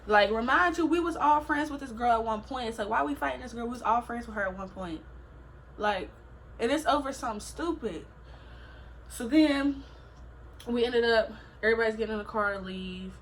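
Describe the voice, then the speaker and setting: A woman's voice: fairly high pitch, a little fast, slight background noise, poor audio. A young woman vlogger telling a story in a casual, slangy way, acting out what people said.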